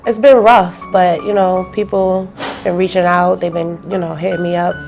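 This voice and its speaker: A woman's voice: lowish voice, steady tone, moderate pace, gravelly, a little mellow, faint music behind. A young woman speaking as an interview guest, telling a personal story in a loose, casual way and acting out the phone calls she describes.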